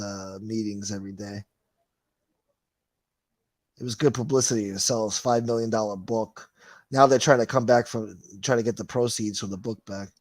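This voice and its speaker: A man's voice: lowish voice, no echo. A man hosting a casual livestream, reading viewer comments and ranting in a profane, sarcastic way. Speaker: livestream host.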